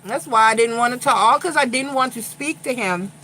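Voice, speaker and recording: A woman's voice: a little high, brisk, pushed and bright, slight background noise, rough recording. A woman from Long Island, New York with a Long Island accent touched by a slight Southern tinge, a tarot reader chatting bluntly and profanely during a casual livestream.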